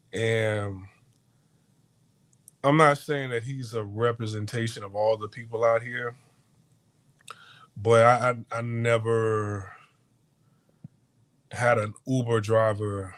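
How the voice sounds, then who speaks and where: A man hosting a casual podcast monologue, rambling through a story with frequent restarts and stammers, acting out the lines of the people he quotes. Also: lowish voice. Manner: animated retelling with acted-out quotes. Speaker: podcast host. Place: hotel abroad.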